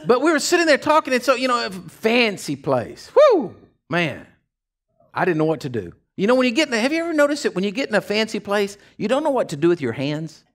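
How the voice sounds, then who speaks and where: A man preaching with a drawl, his voice sitting high and leaping around in pitch. He tells homespun stories, dropping to hushed asides and then rising to fired-up shouts. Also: very animated, fast talker. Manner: folksy storytelling, swings from hushed asides to shouting. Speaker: pastor. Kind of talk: sermon.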